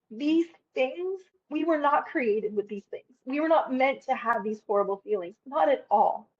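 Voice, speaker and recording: A woman guest in a casual interview, talking in an animated, emphatic way and swearing casually. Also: sits high, highs cut off.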